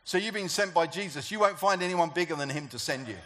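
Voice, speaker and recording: A man's voice: a little high, fast, background noise. A man preaching a sermon to a church gathering, talking conversationally and asking the congregation questions. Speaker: pastor.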